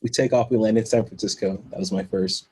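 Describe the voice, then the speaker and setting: A man guesting on a podcast, telling a long story in a casual, animated way and acting out the other people in it. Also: on the low side, fast, creaky, low-quality recording. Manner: animated storyteller who acts out quoted voices and laughs between lines.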